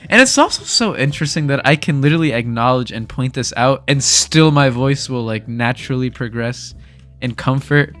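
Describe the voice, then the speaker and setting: A young man chatting casually over gameplay, speaking softly, rambling candidly and laughing often into a desk mic. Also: medium pitch, expressive, normal speed, soft background music. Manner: speaks softly while recording. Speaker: gaming video creator. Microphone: desk microphone.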